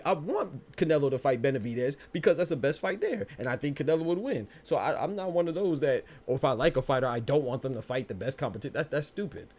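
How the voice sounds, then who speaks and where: A man's voice: on the high side, very animated, a little fast, darkish tone. A man hosting a live-stream podcast and answering his chat. He talks in combative rebuttals, with stammering restarts and lots of repetition. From United States. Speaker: podcast host.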